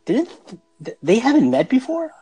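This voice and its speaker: A man's voice: very high voice, wildly swooping pitch, normal speed, mellow, breathy edge. A man hosting a casual movie discussion podcast, talking in an enthusiastic, rambling way as he steers the conversation. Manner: enthusiastic, rambling, leading the talk. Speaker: podcast host.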